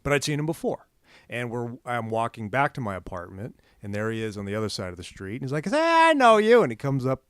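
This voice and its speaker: A podcast co-host talks fast in a low-ish, clean-toned voice, casually chatting and animatedly voicing the people in his stories with loud quotes. It's clean studio sound with no room noise.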